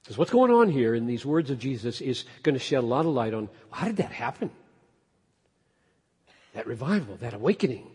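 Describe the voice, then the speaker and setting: A man preaching an expository sermon, emphatic, climbing to loud peaks and then dropping low. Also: big pitch swings, fairly quick, breathy edge. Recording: long hall reverb.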